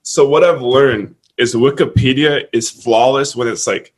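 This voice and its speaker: A young man from Canada, a college basketball player, chatting casually as a guest in an interview, relaxed and quick to laugh. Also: mid-range voice. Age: young adult. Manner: laid-back, laughs often, lots of "like".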